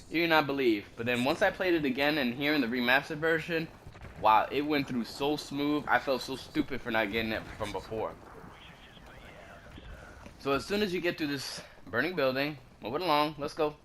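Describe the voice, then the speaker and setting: A man's voice: medium pitch, moderate pace, fairly bright tone, a little hiss or hum. A man casually commenting over a video game walkthrough, laid-back and slangy, drifting into rambling asides. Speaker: gaming commentator.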